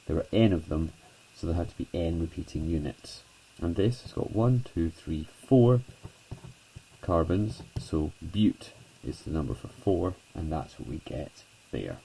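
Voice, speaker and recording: A low-voiced man teaches a chemistry lesson, with plenty of gravel in his tone. He keeps it chatty and self-deprecating, leaning on "okay" and "so" as he walks students through each step. The voice sounds dark and a little husky. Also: animated, measured pace, poor audio. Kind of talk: whiteboard lesson narration.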